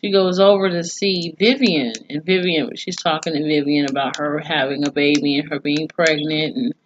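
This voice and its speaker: A woman with a fairly low voice talks through a TV episode like she is gossiping with a friend, swearing freely and wandering into side rants. The recording is dull and lo-fi, with a faint hiss underneath. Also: steady tone, normal speed. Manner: profane, chatty storytelling with asides. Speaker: TV series reviewer. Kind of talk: casual episode recap.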